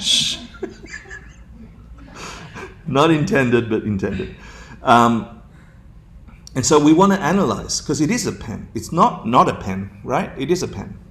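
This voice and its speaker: Gravelly, playful man teaching a class. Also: medium pitch. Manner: playful, laughs often, asks the class questions. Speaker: dharma teacher. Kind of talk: dharma class talk. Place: class room with students.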